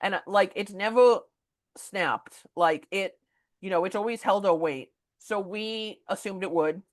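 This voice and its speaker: A woman hosting a podcast, telling a story in a casual, animated way with lots of filler words. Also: medium pitch, unhurried. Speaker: podcast host.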